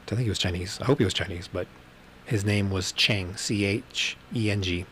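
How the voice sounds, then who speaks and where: A low-voiced podcast host from Texas delivers a casual solo livestream monologue on webcam, on camera in a room at home with books behind him. He rambles through profane stories full of ums, speaking at normal speed in a slightly bright tone, with a little hiss or hum.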